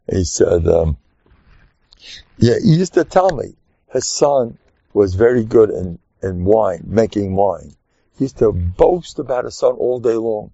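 A man's voice: mid-range voice, creaky, breathy edge, dry recording. An older man, giving an informal sermon full of stories and acted-out quotes. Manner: animated storyteller, acts out quotes, chuckles often. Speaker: rabbi giving a talk. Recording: muffled dry recording.

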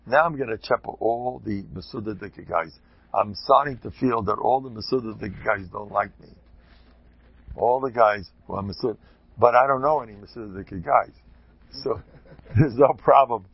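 A man, a rabbi, giving an informal talk to a group, an animated, joking storyteller who sprinkles in Yiddish and Hebrew terms. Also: mid-range voice, gravelly, husky, muffled recording.

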